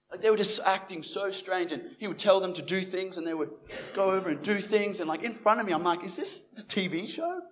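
There's a little hiss or hum as a young Christian evangelist, his voice sitting high, gives a personal testimony of faith. He tells it with animation, playing out each bit of quoted dialogue.

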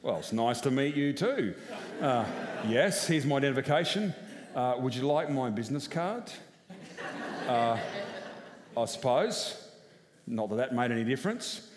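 A man's voice: medium pitch, animated, unhurried, pauses often, crowd noise. A man, a senior pastor telling a personal story in a frank, conversational way during a sermon. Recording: echoey church hall.

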